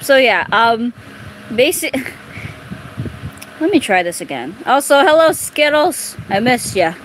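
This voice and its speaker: A woman's voice: a little high, big pitch swings, slow. A woman chatting casually and reading fan fiction aloud, laughing often and muttering exasperated asides. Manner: giggly, breaks into laughter often. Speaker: video creator. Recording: clear background noise.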